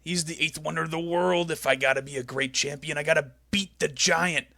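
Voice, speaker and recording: A man impersonating a brash, hyped male wrestler, talking in a raspy growling drawl. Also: on the high side, fairly even intonation, a little fast, sharp tone, no echo, clean studio sound, full character voice.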